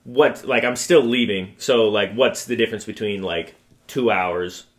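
A man's voice: fairly low pitch, measured pace. A young man co-hosting a casual podcast, thinking aloud in long rambling sentences packed with "like". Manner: rambling, filler-heavy with lots of "like". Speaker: podcast co-host. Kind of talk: casual chat.

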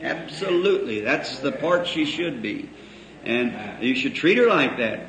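A man's voice: mid-range voice, big pitch swings, measured pace, vocal fry, a bit bright. A man preaching a sermon in a folksy, storytelling way, drawing out phrases for emphasis and chuckling between lines. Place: church hall before a congregation. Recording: echoey old hall recording with faint hiss.

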